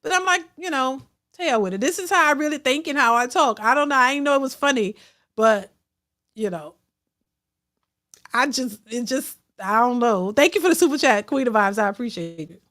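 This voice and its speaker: A woman's voice: high voice, animated, normal speed, fairly bright tone. A woman hosting a casual livestream, reading out super chats and giving her blunt opinions, with lots of restarts and repeated phrases. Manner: outspoken, repeats herself, frequent restarts. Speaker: host of a reaction livestream.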